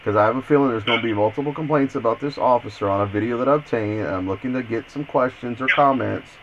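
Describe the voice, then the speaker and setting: A man's voice: medium pitch, fast, fairly bright tone, a little hiss or hum. Insistent man on a muffled phone call. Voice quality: stammering, repeats words. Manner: insistent, persistent. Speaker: investigative journalist.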